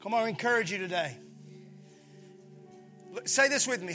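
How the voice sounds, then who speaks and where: A pastor from preaching a sermon, animated, acting out voices and calling on his listeners. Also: sits high, moderate pace, faint music behind. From Mississippi, USA. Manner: animated, acts out voices, calls on the congregation.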